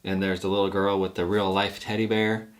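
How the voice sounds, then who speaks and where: Male guest, lowish voice, relaxed storyteller who laughs easily. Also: brisk. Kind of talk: casual chat about a TV show.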